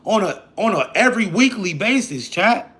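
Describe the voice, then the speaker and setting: A man hosting a livestream chats with his viewers in a laid-back, slangy way, talking directly to chat. His voice sits high and sounds expressive and a bit bright, moving at a moderate pace.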